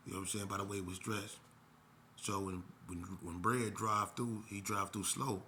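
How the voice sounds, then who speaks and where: A middle-aged man tells his own story off the cuff, in a low, forceful voice. His delivery is blunt and streetwise, and he rambles and restarts his sentences as he goes. A faint hum of ambient sound sits behind him. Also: fairly even intonation, normal speed. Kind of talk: unscripted personal storytelling.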